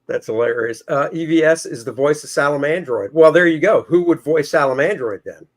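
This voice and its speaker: Man, fairly high voice, easygoing host, casual chat, reads comments. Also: fairly quick. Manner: easygoing, asks questions and reads viewer comments. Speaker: show host.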